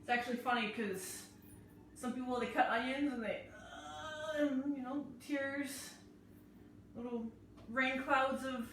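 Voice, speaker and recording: A woman's voice: sits high, a bit bright, slight background noise. A woman hosting a live cooking class, chatting her way through each step as she chops and prepares food in a kitchen. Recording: very echoey room, mic far off.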